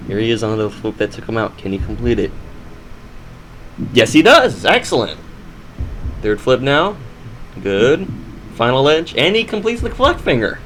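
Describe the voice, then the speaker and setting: A man calling an obstacle course run as play-by-play commentary, excitable, with hesitant fillers between calls. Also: medium pitch, moderate pace, long pauses, a little hiss or hum, poor audio. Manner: excitable, builds to loud shouts at big moments. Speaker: sports commentator. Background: background music.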